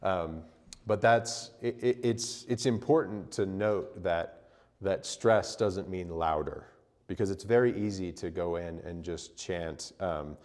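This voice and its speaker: A man's voice: low-pitched, slow, a little mellow, in a large hall. A man teaching a church music class, explaining at length with fillers and frequent "right?" and "okay?" checks. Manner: sings solfege syllables as demonstrations. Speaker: chant teacher. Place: church hall.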